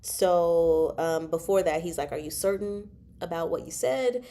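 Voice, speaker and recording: A woman's voice: lowish voice, measured pace, dark tone. Bubbly giggly woman chatting about a book she loves, retelling scenes in playful voices. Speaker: book chat host. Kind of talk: casual chat recapping a novel.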